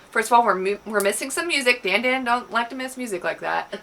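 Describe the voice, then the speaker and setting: A woman's voice: a little high, brisk, creaky, few pauses. A young woman in her twenties telling a festival story in a casual storytime vlog, swearing freely and acting out what her friends said. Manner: animated, profane, acts out quotes. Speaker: vlogger.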